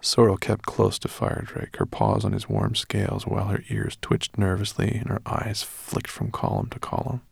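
A man narrating a children's fantasy novel in a measured storytelling manner. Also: fairly low pitch, big pitch swings, gravelly, slightly rough, no echo. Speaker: audiobook narrator. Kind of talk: scripted narration.

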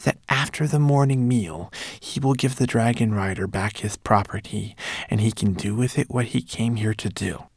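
A man's voice: fairly low pitch, creaky, darkish tone, breathy edge, no echo, clean studio sound. A man voicing a tiny, nervous male homunculus who whispers translations, in a storybook reading. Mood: eager. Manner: whispering translator, quick and eager.

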